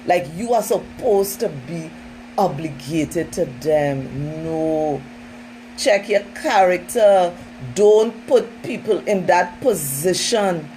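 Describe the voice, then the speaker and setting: A woman's voice: lowish voice, expressive, takes it slowly, dark tone, a little hiss or hum, rough recording. A woman trainer giving an informal training talk in an emphatic, conversational way, often turning to her listeners directly.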